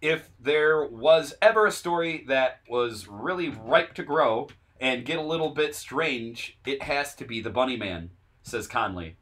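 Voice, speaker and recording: A man's voice: medium pitch, animated, measured pace, a bit bright. A man co-hosting a podcast in a casual, laid-back way, reading from an article and adding jokey asides. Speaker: podcast co-host. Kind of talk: casual chat.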